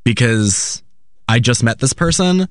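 A man from New York City telling a story in casual chat, halting with many ums and restarts. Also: mid-range voice, lively intonation, dry recording, studio quality. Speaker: podcast co-host.

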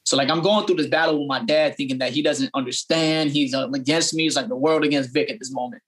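A man's voice: mid-range voice, fairly even intonation, fast, fairly bright tone. A young adult man, a barber, telling his story in an interview, earnest and full of fillers and restarts. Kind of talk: casual storytelling interview answer.

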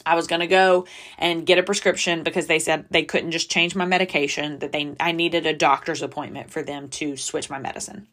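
A woman's voice: low-pitched, flat delivery, a little fast, fairly bright tone. A woman, hosting a podcast and speaking candidly and emotionally about personal struggles, close to tears at times. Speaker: podcast host. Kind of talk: personal confessional podcast talk.

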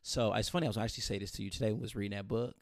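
In a studio-quality recording with no room sound, a man with a lowish voice speaks rapid-fire, animatedly retelling a personal story in casual chat. He repeats phrases and acts out what others said.

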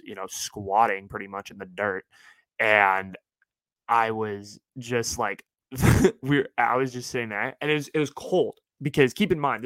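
A man in his twenties from California, telling a story on his podcast in an animated, chatty way. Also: medium pitch, dry recording, rough recording. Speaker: podcast host.

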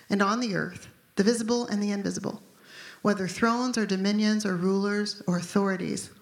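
A woman in her fifties preaching a conversational, emphatic sermon as pastor. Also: medium pitch. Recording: echoey room.

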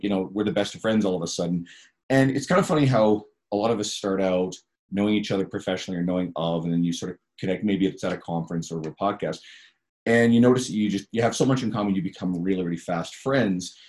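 A man's voice: sits low, fast talker, a little mellow. A man hosting a podcast in casual, chatty talk with plenty of fillers. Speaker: podcast host.

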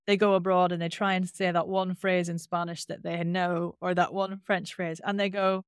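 A woman's voice: on the low side, moderate pace, clear, resonant tone, no room sound, studio quality. Northern Irish woman with a nasal twang. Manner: animated, demonstrates with sung-out sounds. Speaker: voice and accent coach. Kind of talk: interview answers, explanatory.

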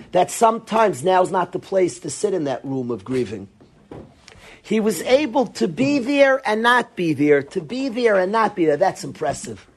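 A man's voice: high-pitched, slightly rough. A man, a rabbi, giving an earnest Torah lecture to yeshiva students, often repeating phrases for emphasis.

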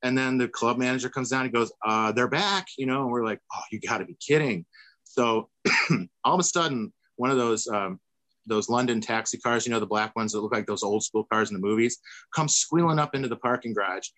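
Fairly quick and fairly bright in tone, a medium-pitched man recounts a long story on a video call, captured in a dry, rough recording. A former tour manager, he rambles casually and voices the people he describes.

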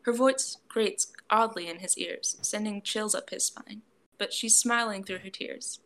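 Woman with a gravelly storytelling voice. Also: mid-range voice, fairly even intonation, measured pace, fairly bright tone, a little hiss or hum. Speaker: narrator. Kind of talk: fan fiction audiobook reading.

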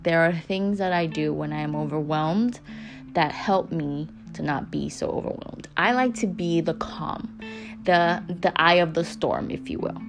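A woman's voice: low-pitched, unhurried. Candid woman talking over guitar music. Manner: candid, swears freely, repeats phrases for emphasis. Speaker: podcast host. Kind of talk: casual motivational monologue. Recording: music playing underneath.

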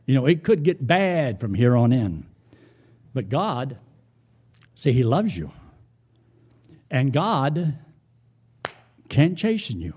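A man's voice: mid-range voice, sing-song, slow, long pauses, a little mellow, slightly rough. A man preaching a sermon in a church, telling folksy stories and asking his congregation pointed questions.

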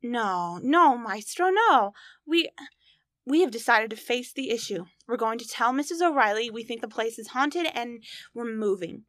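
Sensible caring roommate, old radio sitcom, brisk. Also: female voice, a little high, animated, a bit bright, no echo, studio quality. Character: level-headed young female roommate, caring. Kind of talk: 1940s radio sitcom acting.

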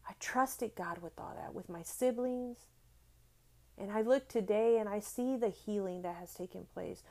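A woman's voice: mid-range voice, moderate pace. Woman host of a devotional podcast; earnest, heartfelt delivery that builds when quoting scripture. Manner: earnest, heartfelt, repeats phrases for emphasis; swells louder when reading scripture. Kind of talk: devotional encouragement talk.

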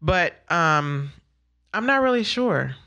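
Woman, bright voice, casual talk, lively storytelling, quotes her kids. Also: lowish voice, takes it slowly. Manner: animated storyteller, laughs often, acts out her son's words. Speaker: guest, mother. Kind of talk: casual conversation.

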